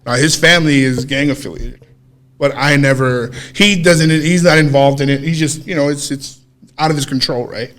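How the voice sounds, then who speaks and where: A man co-hosting a podcast, casually telling a story in an animated way, swearing freely and acting out what people said. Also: medium pitch, normal speed. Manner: animated, swears freely, acts out quoted dialogue. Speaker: podcast co-host.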